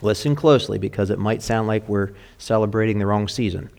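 A man's voice: lowish voice, steady tone, brisk, vocal fry, darkish tone. A man preaching as a pastor, with an earnest and encouraging manner. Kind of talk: sermon.

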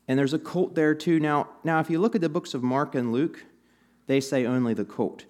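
A man's voice: a little high, moderate pace, a little mellow. A man preaching a sermon in a conversational, storytelling way, with bits of humor, to a church audience. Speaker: pastor.

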